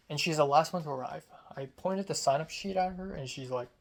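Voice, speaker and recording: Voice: medium pitch, a little fast, gravelly. Chatty young adult from Hong Kong. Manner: chatty and candid, heavy use of "like" and "um". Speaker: script supervisor on a student film set. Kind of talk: casual storytelling vlog.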